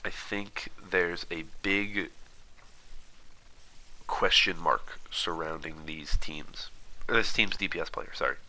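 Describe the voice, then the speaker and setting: A man with a low, deep voice and a crisp, bright edge talks through a roster breakdown in a casual, unscripted way. He speeds up and rambles, filling gaps with "uh" and "um" and restarting his sentences. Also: poor audio. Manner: fast, rambling, many fillers and restarts. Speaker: esports commentator. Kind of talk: casual analysis while watching footage.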